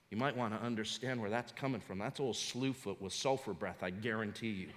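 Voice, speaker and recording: A man's voice: on the low side, brisk, few pauses, fairly bright tone, slight background noise. A man preaching a sermon as a pastor, fervent and emphatic. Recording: long hall reverb.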